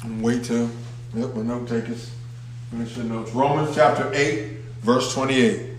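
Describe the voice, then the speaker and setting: With a mid-range voice that barely moves in pitch, a pastor preaches a little slowly to his congregation in a church sanctuary, emphatic and calling out questions. The echoey recording has slight background noise.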